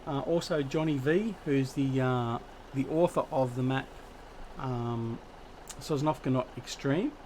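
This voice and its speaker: A man's voice: mid-range voice, measured pace, darkish tone, slight background noise. An Australian man chatting casually with viewers while hosting a gaming livestream, greeting people by name and joking about himself. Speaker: livestream host.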